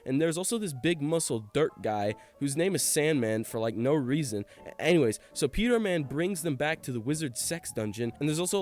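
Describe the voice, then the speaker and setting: A young man narrating a sarcastic, crude plot recap in a deadpan, irreverent way. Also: a little high. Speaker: comedy narrator.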